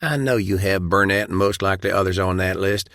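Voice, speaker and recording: A man voicing a smooth, commanding male federal official who speaks in a cold, formal way. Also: low voice, brisk, fairly bright tone, no echo, clean studio sound.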